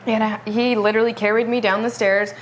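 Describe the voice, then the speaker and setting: A young woman telling a personal story to the camera in a casual, chatty vlog, animated and laughing between bites. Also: fairly high pitch, fast, a little hiss or hum. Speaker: vlog co-host.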